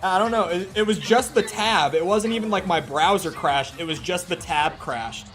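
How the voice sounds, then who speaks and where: Guy streaming a game, chatty, swears a bit, kinda high voice. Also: normal speed, a bit bright. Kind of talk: casual gameplay commentary. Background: game music.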